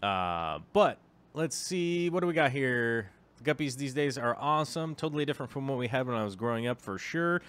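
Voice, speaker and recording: A man's voice: mid-range voice, expressive, fairly quick, a bit bright, clear, resonant tone. A man vlogging casually about his hobby, rambling with many filler ums and chatty asides to the viewer. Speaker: aquarium vlogger. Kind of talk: casual vlog chat.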